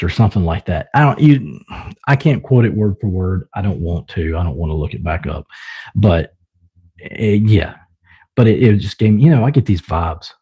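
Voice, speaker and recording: A man's voice: on the low side, dark tone, slightly rough, muffled recording. A young man with a Southern US accent, chatting loosely with viewers on his own live stream, rambling with lots of fillers. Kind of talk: casual live stream chat.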